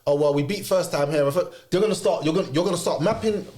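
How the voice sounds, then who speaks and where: A young man in a relaxed podcast chat, explaining how he sees things. His voice sits somewhat high for a man, and he works through his argument patiently. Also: quick pace. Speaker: podcast co-host. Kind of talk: casual chat.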